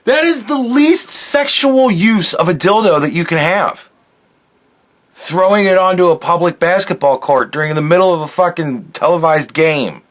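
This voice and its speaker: A man's voice: high-pitched, fairly bright tone. A man hosting a podcast, ranting angrily and sarcastically with lots of swearing. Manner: angry, profane, sarcastic ranting. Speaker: podcast host. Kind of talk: solo podcast rant.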